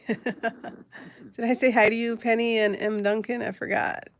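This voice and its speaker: A woman's voice: fairly high pitch, flat delivery, a little slow, slight background noise. A woman hosting a casual live stream from home, rambling through a story, laughing often and greeting her viewers. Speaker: host of a pet channel live stream.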